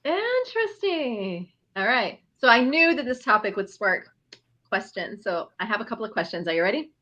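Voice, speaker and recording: A woman host with a slightly raised pitch chats casually with her guest. She sounds eager and curious. She thinks out loud as she asks her questions. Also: big pitch swings, normal speed, dull audio. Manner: chatty, eager, lots of "okay" interjections. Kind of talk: casual live-stream chat.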